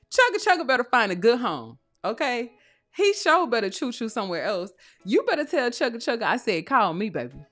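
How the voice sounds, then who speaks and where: A woman's voice: medium pitch, no room sound. Chatty woman host reading live chat. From Texas. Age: young adult. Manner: chatty, playful, teasing, laughs often; reads chat comments aloud. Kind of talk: casual live-stream chat. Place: home. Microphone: close microphone.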